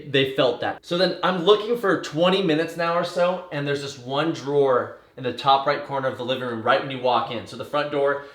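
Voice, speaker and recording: A man telling a personal story in a casual, animated way, tumbling through details with fillers and swearing. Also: medium pitch. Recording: echoey room.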